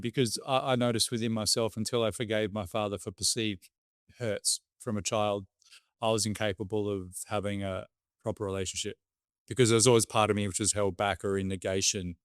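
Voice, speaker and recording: A man hosting a conversational interview, speaking thoughtfully and reflectively, with a self-deprecating touch and halting restarts. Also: lowish voice, clean tone, no room sound, studio quality. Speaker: podcast host.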